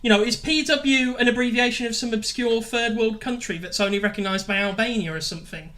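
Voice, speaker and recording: A man hosting a comedic radio show, joking and self-mocking with quick asides. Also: extremely high pitch, sharp tone. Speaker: radio host.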